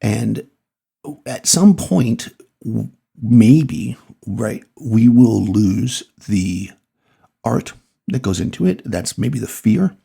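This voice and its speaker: A middle-aged podcast host with a Massachusetts accent and a deeply gravelly, rough-edged voice. He rambles easily as he thinks aloud, breaking off with small laughs. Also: lively intonation, extremely slow, dark tone. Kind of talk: casual solo podcast monologue.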